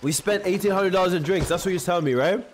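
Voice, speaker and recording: A young man streaming a game live, loud and animated, swinging between shouting and low muttering as he talks to chat. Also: fast talker, slight background noise. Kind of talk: live gameplay commentary.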